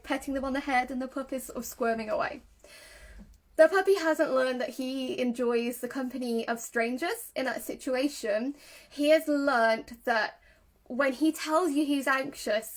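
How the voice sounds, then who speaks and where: High-voiced woman explaining earnestly. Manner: earnest, explains with examples, acts out a puppy's thoughts. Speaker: dog trainer. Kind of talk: casual educational talk.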